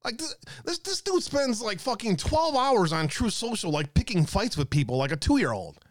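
A man's voice: high-pitched, very animated, normal speed, dry recording. Profane ranting man, dry close sound. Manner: profane, exasperated ranting, reading viewer comments. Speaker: host of an online talk stream. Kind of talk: ranting live-stream talk.

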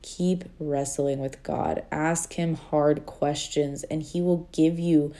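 Mellow, low-voiced earnest woman podcaster. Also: fairly even intonation, takes it slowly. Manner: chatty, filler-heavy, earnest. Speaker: podcast host and life coach. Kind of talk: casual faith-based podcast talk.

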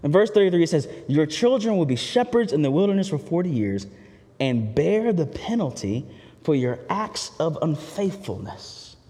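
A man's voice: on the high side, very animated, moderate pace, mellow. A man preaching a sermon in a candid, conversational way, often turning to the listeners with asides. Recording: reverberant hall.

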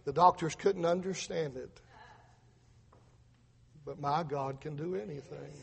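A man's voice: a little high, unhurried, vocal fry, big-room sound, crowd noise. A middle-aged man preaching a testimony sermon, earnestly telling a story with repeated words and acted-out voices.

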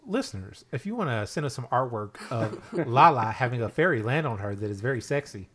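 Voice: mid-range voice, animated, brisk, husky. A podcast host in casual chat, teasing the guests and addressing listeners. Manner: teasing, playful.

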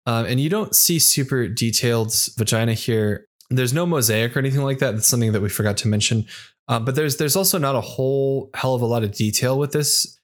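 A man chatting casually with friends about a comic, laughing often and pausing with fillers. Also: mid-range voice. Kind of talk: casual group chat reviewing a comic.

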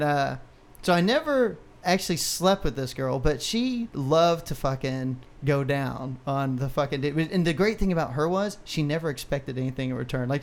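Profane, rambling podcast storyteller man. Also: on the high side. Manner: profane, rambling, laughs often. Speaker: podcast co-host. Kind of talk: casual storytelling.

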